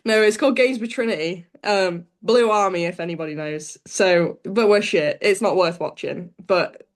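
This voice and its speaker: A young woman is a guest on a chat podcast. She laughs easily and speaks bluntly in a down-to-earth way. Her pitch sits in a comfortable middle range. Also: moderate pace. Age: young adult. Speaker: guest, amateur golfer. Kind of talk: casual chat interview over a call.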